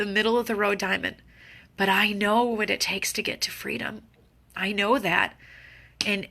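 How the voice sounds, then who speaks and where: Middle-aged woman, fervent motivational team leader, gravelly edge and bright tone. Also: medium pitch. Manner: fervent, pleading, repetitive pep talk. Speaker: network marketing team leader. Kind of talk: motivational training talk.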